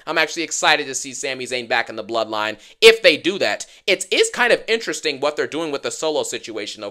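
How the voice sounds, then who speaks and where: Fast-talking man ranting about wrestling. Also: mid-range voice, pushed and bright. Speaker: wrestling YouTuber. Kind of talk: wrestling show review rant.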